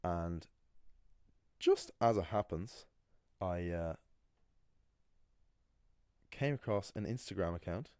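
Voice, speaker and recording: A man's voice: low voice, takes it slowly, pauses often, mellow, clean tone, dry recording, clean studio sound. A young man, a language teacher, talks through an anecdote in a casual, opinionated, rambling way. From Ireland. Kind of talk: casual explanatory video monologue.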